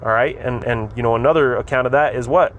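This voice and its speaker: A man's voice: medium pitch, quick pace, a little hiss or hum. A man teaching scripture in a casual, repetitive way, reading verses aloud and often adding "man" and "all right.". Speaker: religious teacher.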